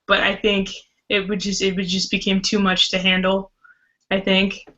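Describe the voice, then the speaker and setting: A woman's voice: mid-range voice, completely flat delivery, normal speed, a bit bright. A woman hosting a live board game podcast, chatty and rambling. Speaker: podcast host. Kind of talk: casual live-stream chat. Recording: muffled web call audio.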